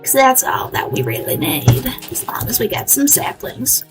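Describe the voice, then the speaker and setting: Over music in a low-quality recording, a woman streamer chats playfully through a let's play, putting on an American Southern drawl. Her voice is a little high, her pace moderate with few pauses, and she talks to herself as she goes.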